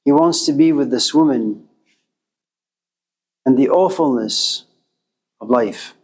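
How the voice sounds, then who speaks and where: A man giving a lecture and telling a story with lively, acted-out voices. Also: mid-range voice, slow pace, low-quality recording. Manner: animated storyteller, acting out voices.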